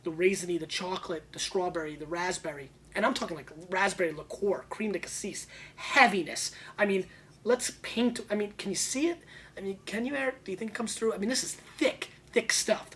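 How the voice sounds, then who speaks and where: Excitable man reviewing wine on camera. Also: brisk, slight background noise. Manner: excitable, joking, big swings in pitch and loudness; talks to the camera and an off-screen helper. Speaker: wine show host. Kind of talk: casual video wine tasting review.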